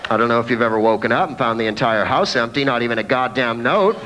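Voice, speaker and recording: A stand-up comedian voicing a depressed male airline captain making a cabin announcement in a low mumbling monotone. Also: fast talker, slight background noise, natural voice. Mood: dejected. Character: gloomy heartbroken male airline pilot.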